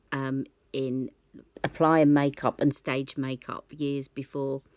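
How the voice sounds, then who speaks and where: A woman's voice: low voice, fairly bright tone, dry recording. A woman vlogging about beauty, candidly recounting a personal story and acting out the conversations she remembers. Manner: candid, reflective, acts out remembered dialogue.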